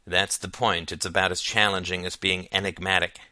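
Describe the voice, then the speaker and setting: A man's voice: sits low, level tone, fairly quick, pushed and bright, no room sound. A man voicing a wry, sarcastic teenage boy in an audiobook, dry and mocking in tone. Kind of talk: audiobook character voice.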